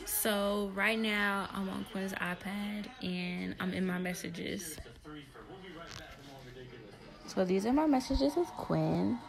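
Young girl vlogging at home, chatty and excitable, mid-pitched voice. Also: slow, vocal fry. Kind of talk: casual vlog chat.

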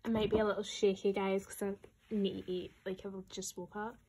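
A woman's voice: mid-range voice, brisk, background noise. A young woman gushing through an album unboxing at home, often dropping to a whisper. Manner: gushing, excitable, talks to her pets. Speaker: vlogger.

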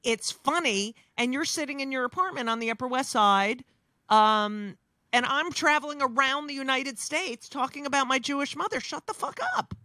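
A woman's voice: high-pitched, normal speed, sharp tone, dry recording, clean studio sound. A woman, a comedian talking bluntly and profanely in casual chat, with many restarts. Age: 60s. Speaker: comedian guest.

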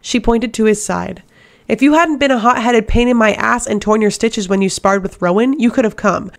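A woman voicing a fierce, sharp-tongued young woman who is an assassin queen, in an audiobook reading. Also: on the high side, normal speed, vocal fry. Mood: defiant.

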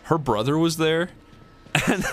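Young male let's-play host, slightly high, crude, animated storyteller on a desk mic. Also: unhurried. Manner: profane storytelling, animated quoting. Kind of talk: casual gaming chat.

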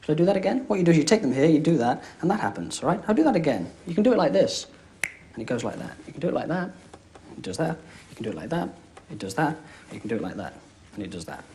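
A man's voice: on the high side, very animated, rapid-fire, dark tone, slight background noise. A young man performing comedy close-up magic, chatty and joking, always checking in with "all right?". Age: young adult. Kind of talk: comic close-up magic patter. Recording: live TV studio with audience.

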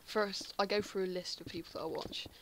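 A woman's voice: mid-range voice, steady tone, brisk, noisy background. English woman muttering gameplay commentary. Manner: chatty, muttering half-whispered asides to herself. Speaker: Minecraft player.

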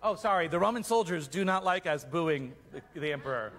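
A man leading a children's Easter play, narrating the story and directing the kids in a playful, animated way. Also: on the high side, fairly quick. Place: church hall. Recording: echoey church hall.

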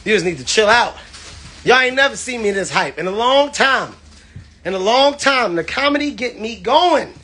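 A man, a comedian, streaming live from his home on his phone, loud and playful, swearing constantly and laughing between his lines. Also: very high-pitched, lively intonation, normal speed. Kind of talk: hyped, profane live-stream rant.

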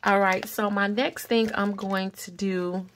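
A woman's voice: mid-range voice, steady tone, measured pace, fairly bright tone, slight background noise. A woman chatting casually to viewers in a budgeting vlog while counting cash aloud and calling them y'all. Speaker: budgeting vlogger.

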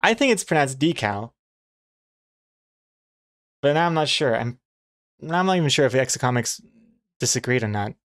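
Chatting casually while he draws, a man streaming as a comic artist muses aloud and answers chat. His mid-range voice is expressive, fairly quick, and fairly bright, and he chuckles easily and teases pronunciations playfully.

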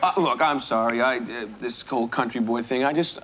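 A man's voice: mid-range voice, fairly quick, fairly bright tone, poor audio. A man from New Jersey, a guest in a TV comedy sketch, cracking wry self-mocking jokes. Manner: wisecracking, self-mocking, chuckles. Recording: hissy, clicky old TV broadcast.

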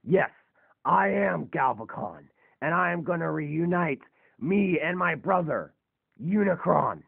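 Man voicing a scheming robot villain, gloating, slow and raspy, lo-fi fan drama recording. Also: fairly high pitch, animated, exaggerated voice. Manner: gloating, menacing. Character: scheming male robot villain, boastful and hot-tempered. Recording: tinny lo-fi phone-like recording.

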